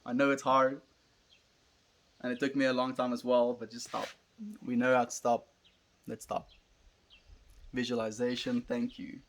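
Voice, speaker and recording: A man's voice: medium pitch, monotone, normal speed, pauses often. A young South African man, an Afrikaans speaker, chatting casually on a livestream and musing as he answers viewers.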